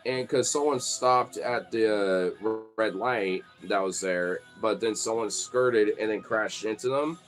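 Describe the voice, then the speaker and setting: Profane, rambling young man. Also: fairly low pitch. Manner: rambling, profane, many "like" fillers. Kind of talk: casual storytelling.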